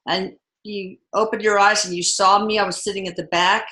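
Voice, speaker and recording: A woman hosting the show, chatting casually and telling stories in an animated way. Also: mid-range voice, normal speed. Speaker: host. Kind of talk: casual conversation. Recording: echoey room.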